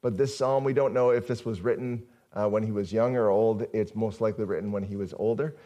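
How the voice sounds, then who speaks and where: A man's voice: fairly low pitch, steady tone, brisk, mellow. A male pastor giving a conversational sermon, often asking the congregation questions.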